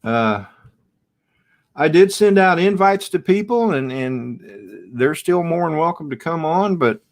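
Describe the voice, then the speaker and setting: Streaming casually from home, this middle-aged host has a slightly high voice with lively intonation. He drifts along slowly, picking up viewer comments, reading them out, and chatting back in front of his camera.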